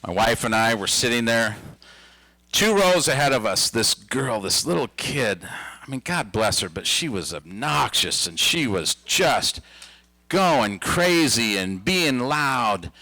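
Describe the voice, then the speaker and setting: Animated, bright-voiced comedian in his fifties. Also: mid-range voice, slow, no room sound, rough recording. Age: 50s. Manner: animated storytelling with a playful comic delivery. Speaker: stand-up comedian. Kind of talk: stand-up comedy routine.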